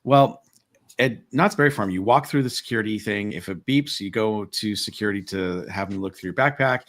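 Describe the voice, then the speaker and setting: A man's voice: fairly low pitch, a little fast. A man co-hosting a live podcast, casually retelling an experience and acting out both sides of the exchange. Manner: animated retelling with quoted dialogue. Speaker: podcast co-host. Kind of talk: casual panel chat, storytelling.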